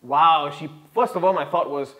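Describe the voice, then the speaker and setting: A man's voice: a little high, moderate pace, bright, forceful tone. A young man from Singapore, earnestly explaining himself as an interview guest with many restarts. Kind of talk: interview answers.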